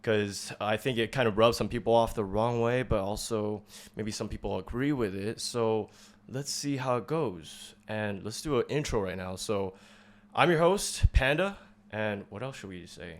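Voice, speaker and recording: A man's voice: lowish voice, normal speed. A man hosting a podcast in casual chat, loose and laughing, swearing now and then. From Walnut, California. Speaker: podcast host.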